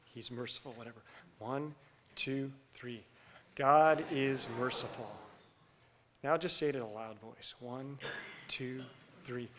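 A middle-aged man preaching a sermon to his congregation. He moves between loud, passionate bursts and hushed near-whispers, and he leads the room in call-and-response. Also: mid-range voice, unhurried, pauses often, a little hiss or hum. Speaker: pastor.

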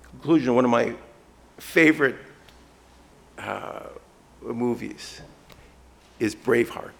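A man preaching a sermon as pastor, swinging from hushed, soft phrases to loud, emphatic ones. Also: mid-range voice, slow, gravelly.

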